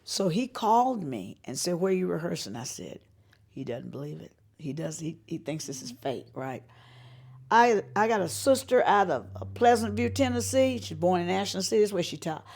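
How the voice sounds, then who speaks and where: A woman's voice: on the low side, normal speed, gravelly. A woman from North Carolina, telling stories in an interview and acting out the people she quotes. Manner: acts out quoted voices, lively and emphatic. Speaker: interviewee, singer and showcase organizer. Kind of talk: animated storytelling interview.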